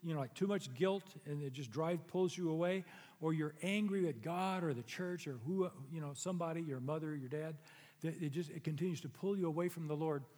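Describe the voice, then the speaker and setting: Middle-aged male pastor, high voice, earnest conversational sermon, reverberant church hall. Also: a little fast, a little mellow. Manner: earnest, conversational preaching with rising emphatic peaks. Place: church sanctuary. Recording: long reverb of a large hall.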